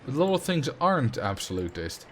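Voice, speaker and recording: A man's voice: mid-range voice, very animated, a little fast, fairly bright tone, a little hiss or hum. A man from the Netherlands with a Dutch accent, chatting casually on a game livestream and rambling with fillers as he reacts to chat. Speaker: streamer.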